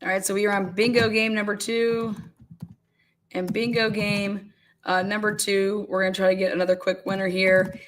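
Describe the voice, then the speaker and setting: A woman's voice: medium pitch, level tone, moderate pace, slight background noise. A woman hosting a casual livestream, calling bingo games and reading viewer comments aloud with frequent laughter. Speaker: livestream host.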